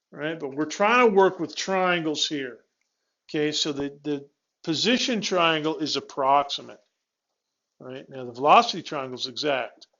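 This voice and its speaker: A man with a high voice teaches a physics class in a classroom. He walks students through each step, stops himself mid-word to restart, and keeps checking in with questions. The recording is dull and lo-fi. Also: a bit bright. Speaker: physics instructor. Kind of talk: classroom lecture.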